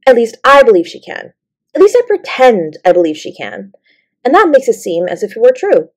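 A woman's voice: on the high side, very animated, normal speed. A woman reading as a clever dreamy little girl. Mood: eager. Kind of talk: storybook reading.

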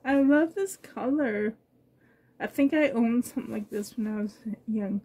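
A woman unboxing gifts in a vlog, gushing with breathy exclamations and sounding shaky and emotional. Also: a little high, unhurried, dark tone. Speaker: reborn doll collector vlogger.

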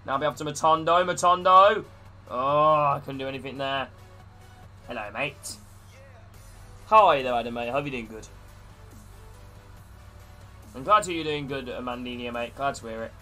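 A man's voice: medium pitch, normal speed, pauses often, bright, forceful tone, soft background music. A man live-streaming a football video game, calling the play and greeting his chat viewers. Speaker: gaming streamer.

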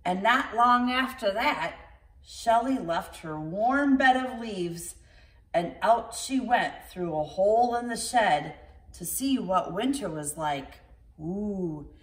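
A woman reading a picture book aloud to children as storyteller, gentle and expressive. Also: medium pitch, slow pace. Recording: roomy, from far off.

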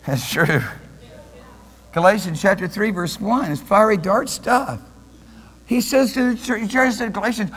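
High-voiced preaching pastor in reverberant hall. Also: male voice, normal speed, slightly rough. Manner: animated preaching, swinging from soft murmurs to loud shouts; laughs often while preaching. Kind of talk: sermon. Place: church sanctuary.

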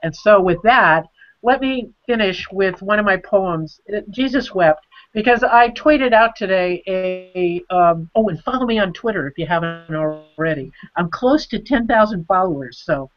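An older woman, a nun and author, talking earnestly on a video call and reading her poetry slowly. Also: mid-range voice, expressive. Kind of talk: video call book discussion. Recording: dull lo-fi video call audio.

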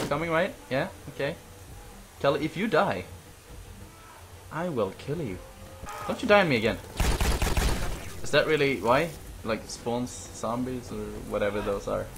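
A young man giving casual, excitable gaming commentary, teasing and swearing at his teammate, recorded on a noisy low-quality webcam mic. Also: unhurried, pauses often. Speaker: let's play host.

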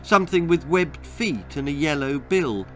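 A middle-aged man narrating his own children's story in an expressive, dramatic way. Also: fairly high pitch, normal speed, faint music behind.

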